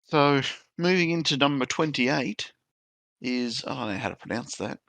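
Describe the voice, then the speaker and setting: An Australian man with a bright, forceful tone co-hosts a laid-back podcast chat. He talks in an easygoing way and pauses on ums. The sound is close and dry, with no room around it. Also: medium pitch, gravelly, dry recording. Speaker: podcast co-host. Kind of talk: casual chat.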